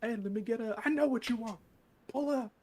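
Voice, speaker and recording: A streamer voicing a brash, impatient fast-food drive-thru worker who shouts orders and swears at customers, with music playing under the stream. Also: mid-range voice, husky, pitched above the performer's own voice, lightly acted. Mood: bossy. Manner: loud, bossy shouting with heavy swearing.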